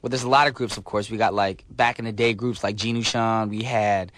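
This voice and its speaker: A man's voice: on the low side, fairly even intonation, fairly quick, fairly bright tone, no echo. A man hosting a radio show from a studio, upbeat and chatty, with some filler sounds. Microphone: studio mic.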